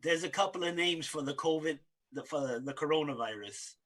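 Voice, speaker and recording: A man's voice: on the high side, normal speed, a bit bright. A man co-hosting a casual chat, tossing in wisecracking interjections. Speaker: co-host.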